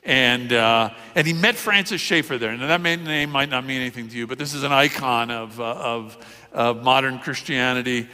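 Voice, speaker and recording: Bright-voiced male pastor in echoing hall. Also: mid-range voice, moderate pace. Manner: conversational with many fillers, asks the congregation questions. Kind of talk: sermon.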